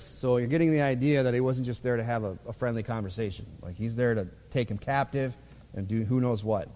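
A man delivers a sermon in a church, talking loosely and conversationally with plenty of fillers between passages of scripture he reads aloud. His mid-pitched voice carries a long reverb from the hall around him. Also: a little fast, mellow. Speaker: preacher.

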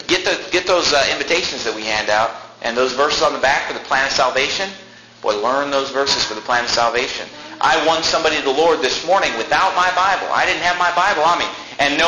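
An earnest man preaching in a relaxed, conversational way that builds into exhortation. His voice sits a bit high for a man. The sound is roomy and echoey, with a steady hiss behind it. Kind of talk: sermon. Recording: echoey room with loud noise.

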